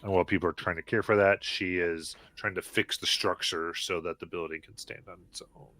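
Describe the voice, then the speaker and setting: A man narrating a tabletop game as game master, halting often with ums and uhs on a live stream. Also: deep voice, steady tone, pushed and bright.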